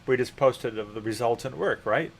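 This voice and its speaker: A man's voice: mid-range voice, moderate pace, vocal fry, slightly rough. A man hosting an interview, probing his guest with pointed follow-up questions. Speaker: host. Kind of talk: conversational interview.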